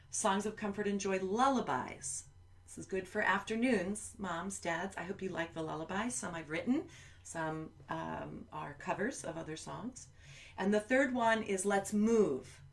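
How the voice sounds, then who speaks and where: A woman's voice: mid-range voice, a bit bright. A woman children's musician chatting between songs on a live stream from home, rambling and talking straight to parents and kids.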